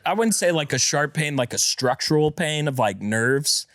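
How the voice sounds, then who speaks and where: A man co-hosting a podcast with a congested chest, telling a story in casual chat and acting out quotes in a shrill voice. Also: animated, normal speed, a bit bright, dry recording, studio quality. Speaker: podcast co-host.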